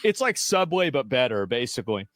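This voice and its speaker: A man's voice: mid-range voice, sing-song, fairly quick, fairly bright tone, no room sound. Blunt, profane man ranting dry. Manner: blunt and profane, stammers with repeated words. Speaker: streamer. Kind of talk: casual streaming rant.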